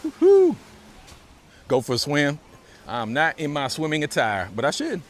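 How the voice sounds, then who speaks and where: A man live-streaming a relaxed walk outdoors by a beach, chatting casually and thanking viewers over and over. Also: a little high, normal speed. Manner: laid-back, thanks viewers for donations, repeats phrases. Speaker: live-streaming walking vlogger.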